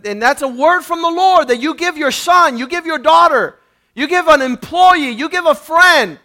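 A man preaching with a very high voice that is bright and forceful. He reads scripture aloud, then builds each point into loud, emphatic exhortation. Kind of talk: sermon.

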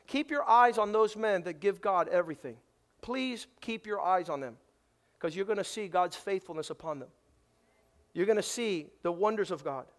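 A male pastor preaching a sermon, emphatic, swinging between loud declarations and hushed, low passages. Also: expressive, normal speed.

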